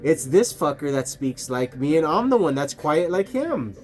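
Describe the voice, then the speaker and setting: A man's voice: on the high side, sing-song, normal speed, a little mellow, faint music behind. A man vlogging outdoors at night, rambling casually to his camera, swearing and laughing often. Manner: rambling, profane, laughs a lot.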